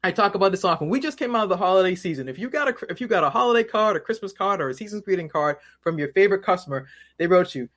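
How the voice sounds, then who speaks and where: A man with a high-pitched voice speaks as an interview guest. He talks casually and animatedly, acts out the people in his stories, and often repeats his words. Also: lively intonation, very fast, a bit bright.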